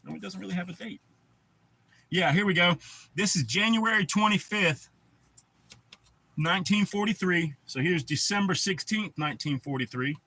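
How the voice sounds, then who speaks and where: A man's voice: a little high, sharp tone. A man hosting a casual livestream, rambling in a laid-back way and swearing often. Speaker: livestream host.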